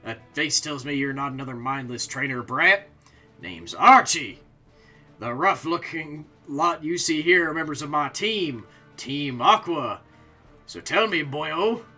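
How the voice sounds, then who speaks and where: A man voicing a gruff, rough-talking male villain boss with a put-on accent, during a live game playthrough. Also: a little high, very animated, normal speed, sharp tone, soft background music, full character voice. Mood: swaggering.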